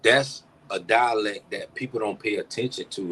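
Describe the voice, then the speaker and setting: A man's voice: lowish voice, moderate pace, pushed and bright, breathy edge, poor audio. A man from South Georgia, hosting a casual chat and explaining things at length, with emphasis and some swearing. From South Georgia, United States. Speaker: podcast host.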